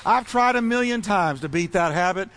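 A man's voice: high-pitched, lively intonation, normal speed, a bit bright. A man preaching a sermon as pastor, fervent and rhythmic, building repeated phrases. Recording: long reverb in a large hall.

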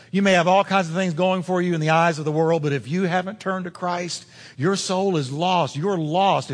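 A man's voice: high-pitched, a bit bright. A man preaching a sermon as pastor, emphatic and insistent, addressing the congregation directly. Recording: long hall reverb.

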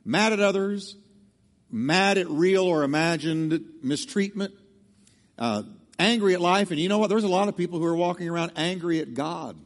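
A man's voice: high-pitched, normal speed, big-room sound. A male pastor preaching a sermon emphatically, drawing the congregation into call-and-response. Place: church sanctuary.

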